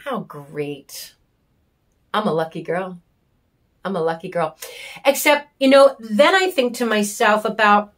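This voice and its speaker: A woman's voice: lowish voice, a bit bright. A woman giving an emotional personal monologue, raw and intense, with bitter sarcasm, frequent swearing and emphatic repetition. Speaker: vlogger sharing her story.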